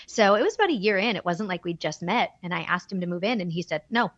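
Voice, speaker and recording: A woman's voice: lowish voice, fast, dry recording, lo-fi sound. A woman telling a personal story in a podcast chat, candid and emotional, acting out the dialogue she quotes. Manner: animated, acts out quoted dialogue. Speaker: guest.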